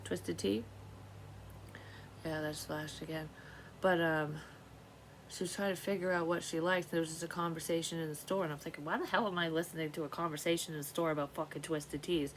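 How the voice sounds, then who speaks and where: A woman's voice: low voice, steady tone, a little fast, slight background noise, poor audio. A woman vlogging in a rambling, profane monologue, talking to herself and now and then dropping into a whisper. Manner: profane, scattered, talks to herself, drops into whispers. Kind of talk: rambling psychic vlog monologue.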